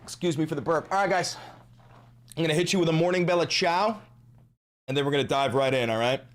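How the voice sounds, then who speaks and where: A man hosting a live stream, ranting about politics with heavy swearing and sudden shouts. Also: fairly high pitch, quick pace. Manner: profane, ranting, bursts into shouting. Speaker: livestream host.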